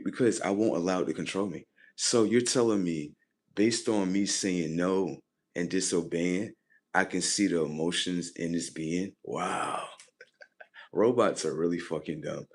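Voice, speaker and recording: A man hosting a livestream, rambling in a casual monologue that repeats itself, swears freely and swings from low muttering to loud emphasis. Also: a little slow. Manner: rambling, repetitive and profane, drifting between muttering and loud emphasis. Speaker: livestream host.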